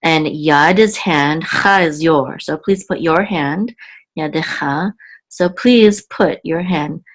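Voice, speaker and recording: A woman teaching Biblical Hebrew word by word, patient and halting, often correcting herself. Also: deep voice. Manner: halting, with many fillers and self-corrections. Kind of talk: slow, patient word-by-word lesson.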